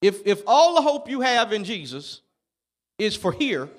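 A man preaching a sermon, calling on the congregation to answer and building up to shouts. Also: sits high, sing-song, unhurried. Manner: call-and-response preaching, rising to shouts.

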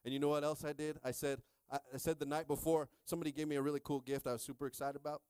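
A middle-aged man pastor preaching a sermon with call-and-response, joking with the congregation and rising into shouted stretches. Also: a little high, level tone, rapid-fire, clear, resonant tone, dry recording.

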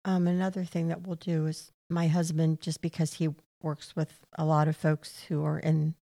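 A woman with a low, dark, gravelly voice talks as a guest in a casual interview. She tells stories about her work and voices the people she talks with. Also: little pitch movement, normal speed. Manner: warm storytelling, acts out conversations. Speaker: clinic volunteer guest.

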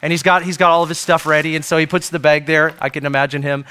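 A pastor preaching to his church in a high voice. He keeps it loose and joking and keeps checking in with the congregation. His tone is bright and ringing. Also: steady tone, quick pace, clear, resonant tone. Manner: conversational, joking, asks the congregation questions. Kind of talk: sermon. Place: church service.

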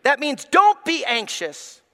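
Bright, high-voiced preaching pastor. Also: male voice, big pitch swings, slow pace, big-room sound. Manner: emphatic, preacherly, addresses congregation. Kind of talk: sermon. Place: church sanctuary.

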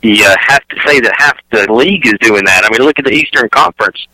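Co-host, man, bright tense voice, dry sound, opinionated sports talk. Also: medium pitch, brisk, dry recording, poor audio. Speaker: radio co-host.

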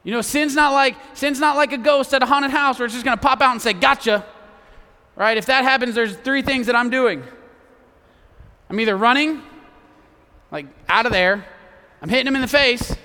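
A young man preaching a youth sermon, conversational and joking with his audience, dropping to a hush for emphasis. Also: extremely high pitch, brisk, smooth, long reverb tail. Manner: jokey asides to a young audience.

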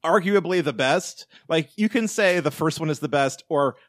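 A man co-hosts a casual podcast with an animated, joking delivery and the odd curse. His voice sits a bit high for a man, and the recording is dry and close, with no room sound. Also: moderate pace, dry recording. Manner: animated, profane, joking, breaks into shouted bits. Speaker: podcast co-host. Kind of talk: casual chat.

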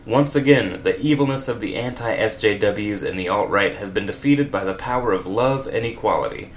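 Low-voiced guy reading goofy fan fiction, wry asides, faint hiss behind. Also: moderate pace. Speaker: reader of comedic fan fiction. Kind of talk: comedic read-aloud with commentary.

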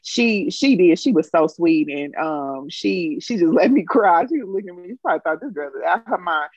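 Woman, casual storytelling, animated, dry dull recording. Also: fairly low pitch, normal speed, breathy edge, no room sound. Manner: animated, acts out quotes, emotional.

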